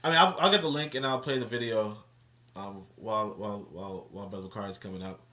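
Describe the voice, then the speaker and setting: Forceful man riffing casually on a stream. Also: lowish voice, fast talker. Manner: rambling, profane, self-correcting. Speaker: livestream host. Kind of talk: casual unscripted commentary.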